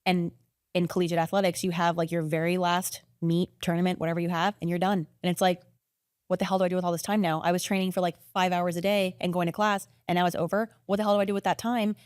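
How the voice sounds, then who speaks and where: A woman in her thirties talks quickly and eagerly as a podcast guest, piling up "like"s. Her words tumble out in a chatty rush. The sound is close and dry. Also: on the low side, clean tone, dry recording. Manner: rapid, animated, filler-heavy with many "like"s. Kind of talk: casual conversational storytelling.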